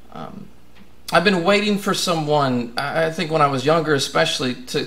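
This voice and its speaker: A man's voice: fairly high pitch, creaky, fairly bright tone. A man preaching a sermon in an earnest way, building to emphatic questions.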